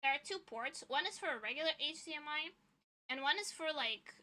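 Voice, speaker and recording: A young adult woman streamer telling a story as an animated, indignant rant, swearing freely and repeating lines for emphasis. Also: high voice, brisk. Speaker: vtuber streamer.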